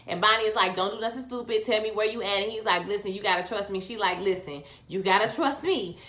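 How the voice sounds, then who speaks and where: A woman giving a chatty, animated recap of a TV episode, acting out the characters' lines and calling her viewers "y'all" and "child.". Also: mid-range voice, fairly quick, few pauses, roomy sound, soft background music. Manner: Southern Black American vernacular, addresses viewers as y'all and child. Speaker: TV episode reviewer.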